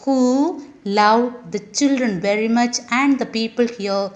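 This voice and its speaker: A woman teacher who patiently explains a poem to schoolchildren, speaking gently and addressing them directly. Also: on the high side, takes it slowly, dull audio.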